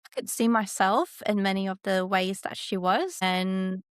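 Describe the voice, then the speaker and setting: A woman's voice: mid-range voice, unhurried, clear, resonant tone, no echo, studio quality. A woman co-hosting a podcast in casual chat, talking in a chatty, rambling way with many restarts. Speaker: podcast co-host.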